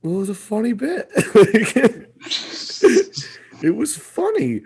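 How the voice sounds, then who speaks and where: Animated young man riffing with laughs. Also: sits high, slow pace, vocal fry, husky. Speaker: podcast co-host. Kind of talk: casual comedic chat.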